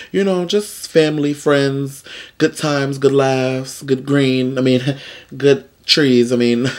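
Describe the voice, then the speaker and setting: A sassy man hosting his own vlog, chatting through entertainment gossip in a loose, playful way. His voice sits at an ordinary middle pitch and is recorded close to the mic. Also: a little mellow. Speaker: vlog host. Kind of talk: casual gossip commentary.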